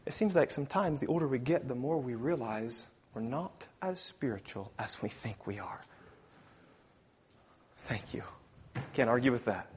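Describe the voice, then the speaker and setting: A man preaching a sermon who reads scripture aloud, rises to loud emphasis, often clears his throat and corrects himself. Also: medium pitch, lively intonation, moderate pace, long pauses.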